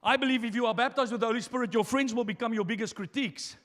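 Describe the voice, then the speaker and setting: Male pastor, very high voice, fiery sermon delivery, long hall reverb. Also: very fast. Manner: impassioned preaching, swinging between quiet asides and shouting.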